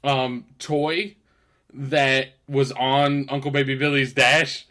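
A man's voice: mid-range voice, level tone, slow pace, pushed and bright. A man co-hosting a podcast in casual chat, swearing, laughing and acting out scenes from shows. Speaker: podcast co-host.

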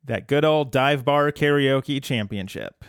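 Smooth-voiced man with dry joking delivery. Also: medium pitch, unhurried, no echo. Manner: wry, joking, breaks into playful singing. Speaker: podcast co-host. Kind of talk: casual chat about a cartoon episode.

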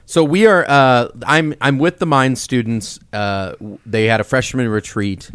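A man's voice: medium pitch, fairly bright tone, clean tone, dry recording. A man co-hosting a casual chat, bantering and poking fun at himself. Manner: quick banter, self-deprecating. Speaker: podcast co-host, campus minister.

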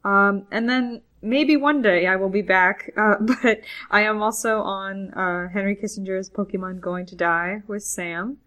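Woman guest on a podcast, cheery, lots of ums, middle pitch. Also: steady tone, measured pace, hardly any pauses, a bit bright. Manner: upbeat, hesitant with fillers. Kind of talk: casual podcast chat.

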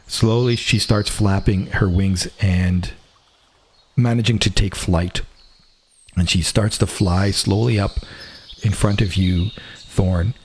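Deep, husky male game master. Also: a little mellow. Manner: slow, drawn-out descriptive narration with restarts. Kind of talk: narrating a tabletop game.

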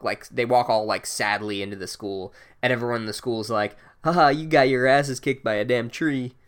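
A young man giving a sarcastic, profane comedic recap of a book chapter in a deadpan voice. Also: mid-range voice.

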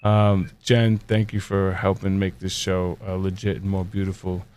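A man's voice: sits low, monotone, normal speed, a little mellow, a little hiss or hum. A man hosting a casual live-streamed talk show, laughing often and thanking his guests and chat. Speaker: host.

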